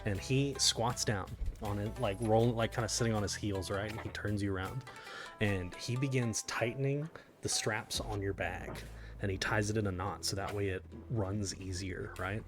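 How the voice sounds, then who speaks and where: Low-voiced male game master. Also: fairly even intonation, moderate pace, music in the background. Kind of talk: narrating a tabletop game.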